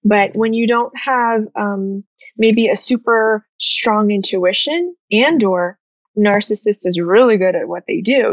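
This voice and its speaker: A woman who is a former therapist, guest on a casual podcast, talking emphatically with quick agreeing interjections. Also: mid-range voice, no echo, lo-fi sound.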